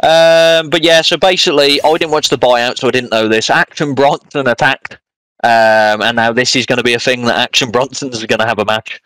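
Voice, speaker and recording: A podcast co-host rambles casually through a wrestling show recap, packing his talk with fillers. His voice is medium in pitch, steady and fairly bright, moving at a fairly quick clip with no room sound.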